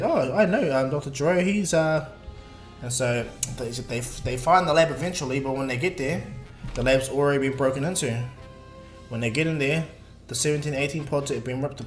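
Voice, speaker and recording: A man casually narrating a fan-made story, rambling with restarts and fillers. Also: medium pitch. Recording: echoey room, faint music.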